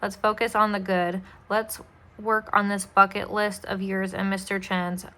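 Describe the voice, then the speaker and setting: A calm, caring mother, read aloud by a woman with a bright, clear tone. She speaks gently and steadily, like a parent soothing a worried child during a storybook reading. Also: mid-range voice, a little slow. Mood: gentle.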